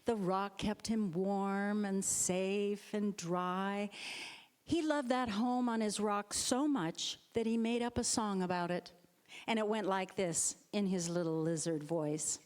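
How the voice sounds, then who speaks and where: Animated female storyteller for children, in a reverberant sanctuary. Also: medium pitch, slow. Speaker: storyteller, board president. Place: church sanctuary. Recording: long hall reverb.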